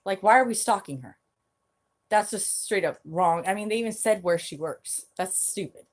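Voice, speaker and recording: A woman's voice: mid-range voice, normal speed. A woman hosting her own channel, ranting bluntly on a live stream, angry and swearing heavily. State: angry, agitated. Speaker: channel host.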